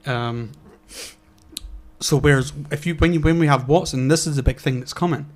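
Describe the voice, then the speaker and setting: A man's voice: a little high, moderate pace. A man co-hosting a casual podcast chat, rambling with lots of fillers and restarts. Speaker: podcast co-host.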